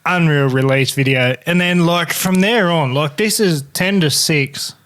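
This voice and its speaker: A fairly high-voiced Australian man spins a fishing yarn on a podcast. He is animated and swears freely, with laughs breaking into his storytelling. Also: measured pace. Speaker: podcast host. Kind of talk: casual storytelling chat.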